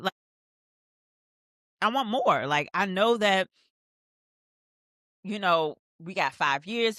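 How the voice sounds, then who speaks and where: A woman hosting a rewatch show, recapping a TV episode in casual commentary and acting out the characters' lines, sometimes jumping into high excited bursts. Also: no echo, studio quality. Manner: animated, acts out scenes in quoted voices. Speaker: rewatch podcast host.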